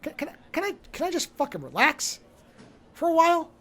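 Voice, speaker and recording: A man's voice: very high-pitched, very animated, fairly quick, sharp tone, pitched above the performer's own voice, heavily acted. A man voicing a laid-back male devil who is tired of war and just wants to party, pleading in a whiny, exasperated way. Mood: weary pleading.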